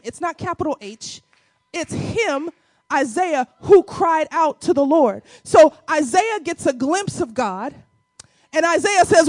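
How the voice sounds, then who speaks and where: A high-pitched woman preaching a sermon, her voice dry and close with little room sound. She moves between hushed Bible teaching and fervent, shouted calls, speaking to her listeners in a casual, familiar way. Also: expressive, unhurried, dry recording. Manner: swings from quiet teaching to shouted, crying exhortation; colloquial, addresses congregation as y'all.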